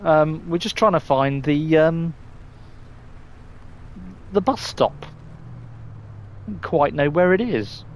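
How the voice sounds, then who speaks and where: A man's voice: on the high side, slow pace, pauses often, a little hiss or hum. A man chatting casually and rambling through a live game stream, often restarting and swearing mildly. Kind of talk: casual live gameplay chat.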